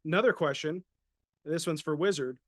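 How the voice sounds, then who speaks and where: A paranormal consultant co-hosting an easygoing podcast talks at normal speed in a fairly high voice, reading viewer questions aloud between conversational chat. The sound is clean studio audio with no room noise.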